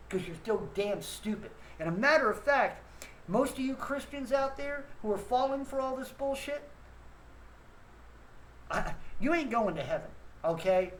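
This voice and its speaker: A man's voice: high-pitched, fairly bright tone, a little hiss or hum, low-quality recording. Profane ranting man. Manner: blunt, profane, repeats himself, scolds the listener. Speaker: host of a rant show. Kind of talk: angry ranting monologue.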